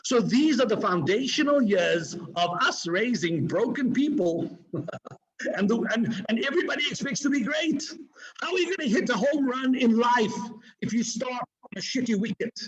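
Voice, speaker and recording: A man giving an energetic, preachy motivational talk to a live online audience, swinging his pitch and pace for emphasis. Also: normal speed, highs cut off. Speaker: motivational speaker. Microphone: video call.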